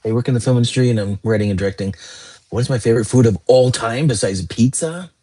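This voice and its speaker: A young man with a mid-range voice hosts a casual livestream, talking fast in a dark tone as he rambles and answers viewer comments.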